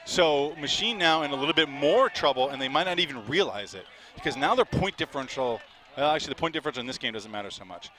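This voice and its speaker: A man doing live play-by-play commentary, chatty and quick to laugh, with an outdoor crowd behind him. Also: a little high, expressive, sharp tone.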